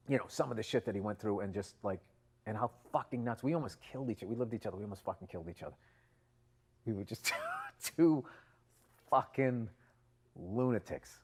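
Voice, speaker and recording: A man's voice: lowish voice, moderate pace, pauses often. Profane man telling stories. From Boston. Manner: profane, rambling anecdotes, acts out other people's lines. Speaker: podcast co-host. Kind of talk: casual storytelling chat.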